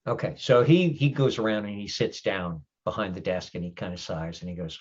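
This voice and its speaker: A man's voice: low voice, fairly quick, few pauses, husky, dull audio. A man running a tabletop game as storyteller, plainly narrating what characters do.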